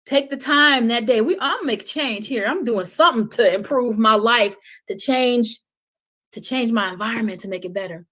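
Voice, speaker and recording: Passionate middle-aged woman guest, slightly high voice, preachy, swings loud to soft. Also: normal speed. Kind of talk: passionate podcast conversation.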